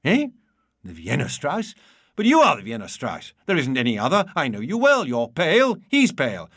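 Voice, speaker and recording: A man reading a memoir aloud and voicing an effusive, pushy bogus Viennese gentleman. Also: wildly swooping pitch, normal speed, dry recording, studio quality, full character voice. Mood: insistent. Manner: gushing, insistent, higher pitched. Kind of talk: audiobook reading.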